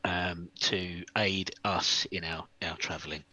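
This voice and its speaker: A man's voice: deep voice, fairly even intonation, slow pace, pushed and bright, no room sound, low-quality recording. A man playing a tabletop role-playing game, talking in a hesitant way with restarts. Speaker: player.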